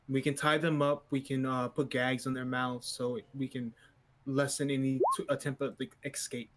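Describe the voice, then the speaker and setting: Measured male tabletop player. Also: mid-range voice, little pitch movement, fairly bright tone. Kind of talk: tabletop role-play.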